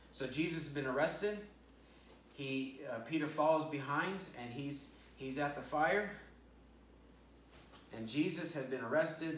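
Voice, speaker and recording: A man preaches a storytelling sermon, slipping into the quoted lines as he goes. His voice sits a little high for a man, and it is picked up from across an echoey church room. A faint hum of room noise sits behind him. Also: fairly bright tone. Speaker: pastor. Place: church sanctuary. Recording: roomy church sound from a distant mic.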